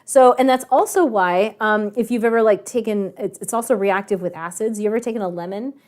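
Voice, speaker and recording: A woman teacher telling a lively story to her online class, chatty and animated, with frequent laughing asides, over a video call. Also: mid-range voice, a little fast. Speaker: math and science teacher.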